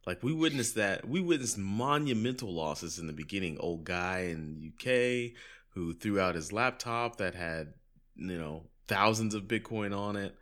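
A man co-hosting a podcast, talking casually and wondering aloud. He throws out open questions as he thinks. His voice sits very low and deep. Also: animated, unhurried, a bit bright. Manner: musing, asks open questions. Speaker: podcast co-host. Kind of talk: casual chat.

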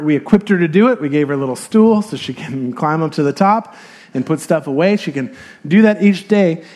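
Guy in his 30s giving a sermon, kinda high voice, laid-back chatty style with lots of ums. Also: darkish tone. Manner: conversational, explains scripture in everyday terms; light chuckles and filler sounds. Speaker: pastor.

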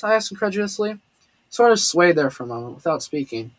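A man reading a first-person story aloud, steady with occasional slips and restarts. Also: on the high side, fast, no echo. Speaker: audiobook narrator. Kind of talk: first-person audiobook narration.

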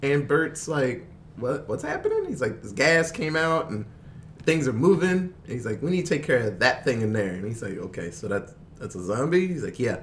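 Animated man recapping a movie. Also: medium pitch, moderate pace, a little hiss or hum. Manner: animated storyteller, laughs often, mimics characters. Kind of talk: casual movie recap chat.

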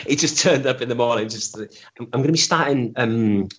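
A man's voice: mid-range voice, normal speed, fairly bright tone, husky. A man telling stories as an interview guest, rambling and self-deprecating, often stammering and restarting. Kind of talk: casual storytelling interview. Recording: dull lo-fi recording.

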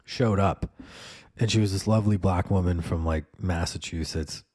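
A man's voice: sits low, moderate pace, darkish tone, breathy edge. A man hosting a podcast, rambling through a casual monologue with lots of fillers and swearing. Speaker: podcast host.

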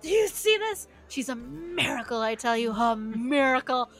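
A woman voicing a boisterous, tipsy old male dwarf who runs a tavern, with loud, jovial exclamations. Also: high voice, normal speed.

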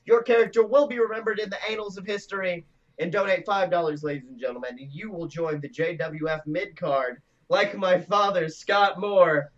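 A man's voice: sits high, moderate pace. A man co-hosting a comedic wrestling podcast, talking in a playful hype-announcer manner, recorded slightly off the mic with a dull sound. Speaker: podcast co-host.

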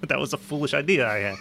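A man's voice: mid-range voice, creaky, noisy background. A man co-hosting a casual podcast, joking, laughing often and reading news articles aloud. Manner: joking, laughs often, stumbles over place names. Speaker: podcast co-host.

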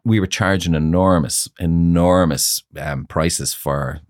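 Very deep-voiced man telling stories. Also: slow, dry recording, studio quality. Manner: chatty, laughs often, many fillers like "you know". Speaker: salon owner, guest. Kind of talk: casual interview storytelling.

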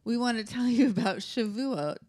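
A woman's voice: a little high, lively intonation, normal speed, a little mellow, no echo, clean studio sound. A woman co-hosting a podcast in casual chat, giggly and teasing. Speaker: podcast co-host.

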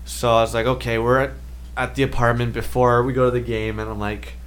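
A man's voice: medium pitch, a little fast, clean tone. A young man from Canada co-hosting a podcast, telling a story in casual chat and acting out the quoted lines. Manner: animated storyteller, acts out quoted dialogue. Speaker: podcast co-host.

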